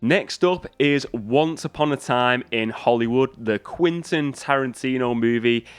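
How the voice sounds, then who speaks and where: A man's voice: medium pitch, a little slow, clean tone, dry recording, soft background music. A man chatting casually to camera about movies. He rambles, restarts his sentences and pokes fun at himself. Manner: chatty, rambling and self-deprecating, with many restarts. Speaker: movie YouTuber. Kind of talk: casual vlog chat.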